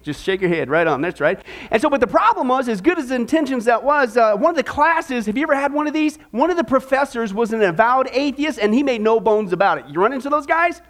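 A man's voice: extremely high pitch, lively intonation, fast talker, fairly bright tone. A man preaching a sermon, telling a humorous story in a folksy, joking way and tossing rhetorical questions to the congregation. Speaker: pastor.

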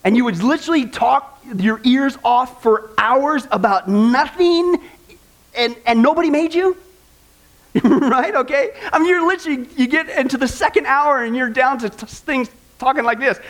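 A man's voice: very high voice, moderate pace, a bit bright. A man preaching a sermon on marriage, earnest and conversational, speaking straight to the congregation with touches of humor. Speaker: pastor.

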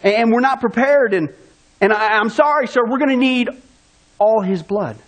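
A man's voice: extremely high pitch, normal speed. A man voicing an apologetic male doctor who stammers as he speaks. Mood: apologetic, urgent. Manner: stammering, hesitant.

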